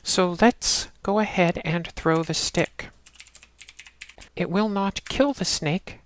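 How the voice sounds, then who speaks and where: A woman narrating a game walkthrough in a steady, instructional way, talking the player through each step. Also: on the low side, slow. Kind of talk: casual let's-play walkthrough narration.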